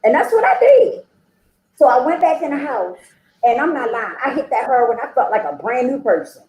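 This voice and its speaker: A woman's voice: high voice, sing-song, normal speed, a little mellow, echoey room, lo-fi sound. A woman sharing her personal recovery story at a meeting, chatty and conversational, acting out the dialogue she quotes and often checking in with "okay?" and "you know?".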